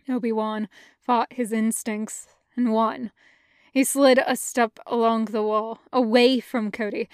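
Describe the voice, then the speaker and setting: A woman narrating a fan fiction audiobook with a measured, careful reading. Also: fairly high pitch, no echo, clean studio sound. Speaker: podfic reader.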